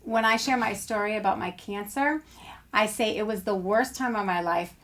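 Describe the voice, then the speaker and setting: A woman's voice: mid-range voice, normal speed, a bit bright. Woman, 50s, talk show host, supportive, affirming, studio. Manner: supportive, frequent affirming murmurs. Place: community TV studio.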